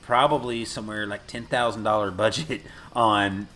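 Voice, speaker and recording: A man's voice: on the low side, fairly even intonation, normal speed, bright, forceful tone, slight background noise. A man co-hosting a casual podcast, recapping a movie scene by scene, swearing often and acting out lines. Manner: profane, laughing, acts out film lines. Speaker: podcast co-host.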